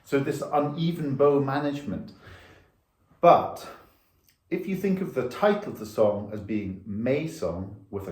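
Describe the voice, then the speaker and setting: In an echoey room, a violin teacher gives a music lesson, patiently explaining rhythm and counting the beats out loud. His voice sits in the mid range and has a slightly mellow quality.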